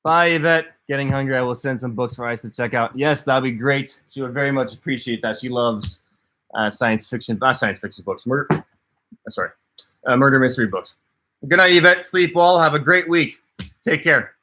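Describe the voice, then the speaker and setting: Guy on a livestream reading chat comments out loud and answering them, easygoing chat. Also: mid-range voice, normal speed. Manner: chatty, reads out and answers viewer comments. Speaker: livestream co-host.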